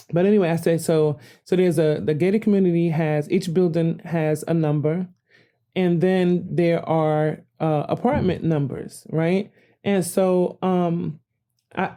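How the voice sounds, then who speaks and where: Older host, mellow voice, rambling and animated. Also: female voice, lowish voice. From New Jersey. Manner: rambling, animated, self-correcting. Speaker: podcast host. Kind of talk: casual storytelling monologue.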